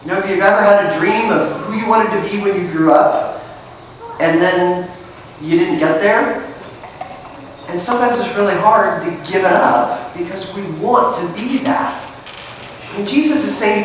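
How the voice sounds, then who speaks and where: A woman's voice: medium pitch, moderate pace, long pauses, far from the mic, a little hiss or hum. A woman pastor giving a sermon in a church sanctuary. She reads scripture aloud, then explains it in a conversational way and asks her listeners questions. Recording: very echoey sanctuary, picked up from afar.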